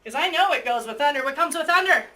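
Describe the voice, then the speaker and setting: A woman teacher telling a story to her class with lively energy, acting out both sides and breaking into squeals and shouts. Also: high-pitched, fast talker. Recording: echoey room, mic far off, faint noise.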